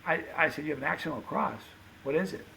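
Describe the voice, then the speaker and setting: A man telling stories on a podcast, animated and acting out the dialogue of the people in them. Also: a little high, fast talker, vocal fry, slight background noise, poor audio. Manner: animated anecdote-teller, acts out quoted dialogue. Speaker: podcast guest, pepper show host. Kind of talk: casual storytelling.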